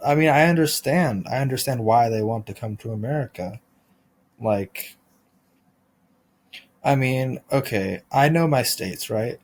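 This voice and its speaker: A man hosting a podcast, delivering a rambling deadpan comic monologue full of restarts and absurd tangents. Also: mid-range voice. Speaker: podcast host.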